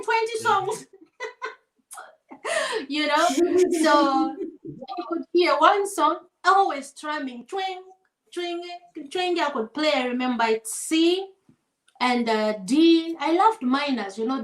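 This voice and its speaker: A high-pitched woman spins an animated story in easygoing conversation, laughing often and slipping into voices for the people she describes. The sound is roomy, with a clear echo off the walls. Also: measured pace. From Zambia. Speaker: guest singer. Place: home setting over a shared meal.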